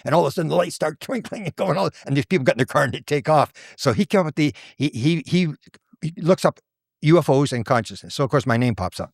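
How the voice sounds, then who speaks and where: An older man from Canada tells stories at a quick clip, in a medium voice recorded dry and close. He acts out the people he quotes, and his pitch jumps high for them. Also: no echo. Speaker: guest researcher and author. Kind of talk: animated storytelling in conversation.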